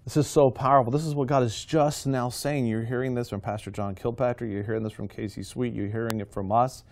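A man's voice: mid-range voice, fairly even intonation, brisk, darkish tone, slight background noise. A man hosting a Christian talk show, preaching in an urgent, emphatic way. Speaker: host.

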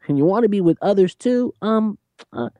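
An animated preacher who talks emphatically in conversation, laughing between points and slowing down to stress key phrases. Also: mid-range voice, no echo, dull audio. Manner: lively, emphatic, repeats "you know what I'm saying".

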